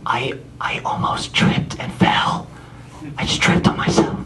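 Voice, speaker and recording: A man mimicking a flustered young college woman on the phone, drawn out and breathy. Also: measured pace, sharp tone, roomy sound, distant mic, slight background noise. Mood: dramatic.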